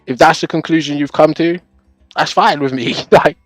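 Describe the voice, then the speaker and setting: A man's voice: on the high side, moderate pace, a bit bright, no echo, faint music behind. A young man on a live stream, chatting casually to his viewers. He laughs often, swears, and keeps tagging his points with "right?". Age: young adult.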